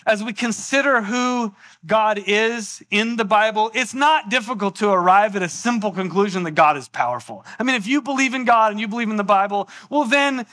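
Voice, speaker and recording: A man pastor preaching a sermon, telling a personal story in an animated way and acting out the voices in it. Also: high-pitched, brisk.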